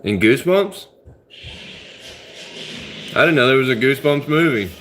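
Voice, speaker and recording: A livestream host with an animated, slightly bright mid-range voice talks at normal speed. He rambles in a laid-back way, chatting casually with his viewers and responding to commenters.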